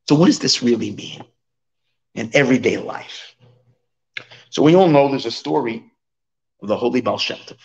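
A male rabbi tells stories in a sermon, his voice rising and falling with lively expression. He speaks at a middle pitch for a man. He acts out scenes as he narrates. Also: moderate pace, long pauses, muffled recording. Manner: animated, expressive storyteller. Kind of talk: sermon storytelling.

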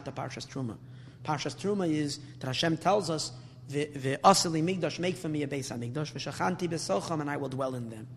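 A man giving a Torah class, earnest and searching for words, often repeating himself and mixing in Hebrew terms. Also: on the high side. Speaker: rabbi teaching Torah. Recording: long reverb, faint hum.

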